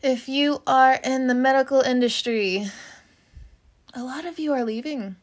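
A woman with a slightly high voice talks through a casual tarot reading. She is chatty and loose, leans on "you know" fillers, laughs often and swears casually. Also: measured pace. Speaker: tarot reader.

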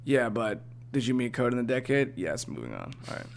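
A man's voice: mid-range voice, very animated, a little fast, gravelly. An easygoing young man hosts a casual podcast. He talks in a loose, chatty way and keeps the segments moving along. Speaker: podcast co-host. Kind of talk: casual chat.

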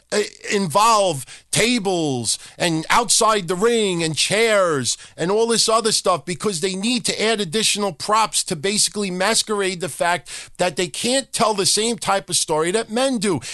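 A man's voice: high-pitched, unhurried, hardly any pauses, bright, forceful tone, no echo, studio quality. A man hosting a podcast, ranting profanely and mocking people by acting out their lines. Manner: profane, mocking, acts out other people's talk. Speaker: podcast host. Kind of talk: opinionated rant.

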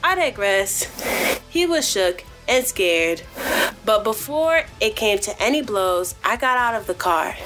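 A woman hosting a podcast, telling a story in a casual monologue, animated and profane, often addressing her listeners directly. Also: mid-range voice. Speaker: podcast host.

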